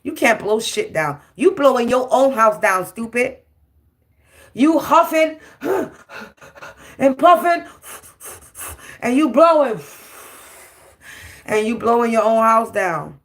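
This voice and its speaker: A woman's voice: a little high, animated, measured pace. A woman, giving a brash, profane, taunting spiritual tarot monologue. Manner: taunting, repetitive, defiant.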